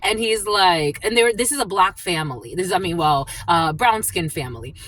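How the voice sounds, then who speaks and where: A woman's voice: on the low side, animated, normal speed, a bit bright, a little hiss or hum, poor audio. Rambling woman reading tarot. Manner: rambling storytelling with many fillers; acts out the people in her anecdotes. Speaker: tarot reader. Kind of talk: casual collective tarot reading.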